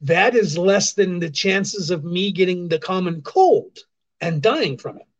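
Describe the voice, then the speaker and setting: Male livestream host, high-pitched, sarcastic ranting delivery that hammers points home; dull lo-fi phone audio. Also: lively intonation, measured pace. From California, US. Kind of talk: casual ranting commentary.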